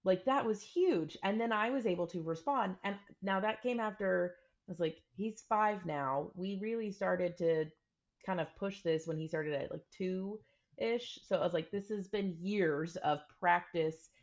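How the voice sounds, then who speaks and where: This podcast co-host is a woman whose voice sits on the low side and moves at a measured pace. Chatting casually but earnestly, she frequently performs the examples she quotes, and the recording sounds dull and lo-fi.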